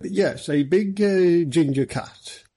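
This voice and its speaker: A man's voice: fairly high pitch, warm tone, husky, pitched above the performer's own voice. A man voicing a hearty, jovial police superintendent in an audiobook reading. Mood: genial. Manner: brisk, easy, jovial.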